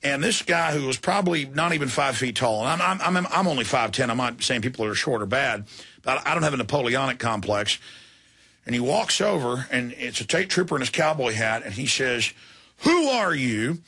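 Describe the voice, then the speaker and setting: A man's voice: medium pitch, fairly quick, pushed and bright, husky. A middle-aged man hosting talk radio, tired after a very long broadcast, telling a story in a rambling, heated way with many restarts. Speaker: radio host.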